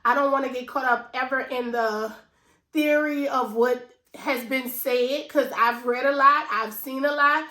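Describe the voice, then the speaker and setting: A woman in her thirties from New Orleans, USA, a finance vlogger with a New Orleans accent, tells her viewers a personal story in an emotional, conversational way. Her high voice sounds pushed and bright, unhurried, in an echoey room.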